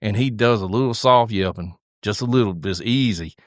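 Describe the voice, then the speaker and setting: Man spinning an animated hunting yarn. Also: lowish voice, normal speed, no echo, clean studio sound. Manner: animated, drawling hunting story with restarts. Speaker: podcast co-host. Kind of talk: casual storytelling. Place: podcast studio at a table.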